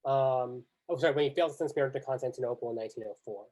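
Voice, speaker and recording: A male guest recounts his game in a relaxed, casual way. He fills the gaps with "like" and "you know" at every turn. His voice sits in a plain middle register. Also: mid-range voice, racing. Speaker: podcast guest. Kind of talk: casual chat recapping an online strategy game.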